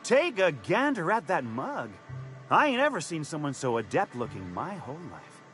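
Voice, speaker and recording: A slick male con man in a video game who pitches crooked schemes in folksy slang. His voice sits a little high and swoops up and down as he sells. He stammers and backpedals whenever someone catches him out, and faint game music plays behind him. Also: wildly swooping pitch, moderate pace, fairly bright tone. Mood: wheedling. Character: fast-talking male con man selling shady schemes. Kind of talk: video game character dialogue.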